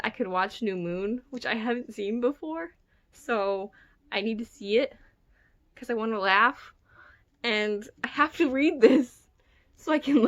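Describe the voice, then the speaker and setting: A woman's voice: medium pitch, fairly bright tone. A young woman chatting casually in a home book vlog, self-mocking and giggly, recorded on a phone in her bedroom. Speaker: book vlogger. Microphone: phone camera.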